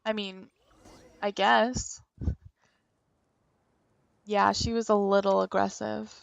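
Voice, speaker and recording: A woman's voice: mid-range voice, level tone, takes it slowly, vocal fry, dry recording, dull audio. A woman streamer giving casual, playful commentary while playing a video game, with wry asides.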